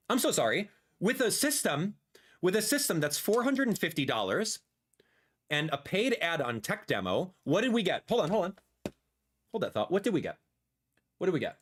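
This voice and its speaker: A man in his thirties streams his live reactions in a lively, animated way, doubling back on his own phrases. His voice sits a little high for a man and swings widely in pitch. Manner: excitable, animated, repeats phrases; drops to a soft murmur when talking to his cat. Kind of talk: livestream reaction commentary.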